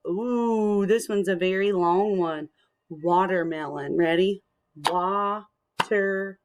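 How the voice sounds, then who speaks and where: A young woman teacher speaks gently and encouragingly to young children in a recorded screencast lesson. Her voice sits a little low, and she talks very slowly and clearly, drawing each word out. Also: steady tone. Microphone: screencast computer mic.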